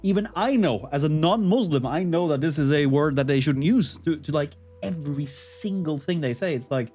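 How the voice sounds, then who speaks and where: A man's voice: fairly high pitch, expressive, normal speed, hardly any pauses, a little mellow, faint music behind. A man from Norway with a Norwegian accent, chatting casually with his stream viewers in a rambling, chuckling way and drifting into mild rants. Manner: rambling, chuckling, mildly ranting. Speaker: livestreamer.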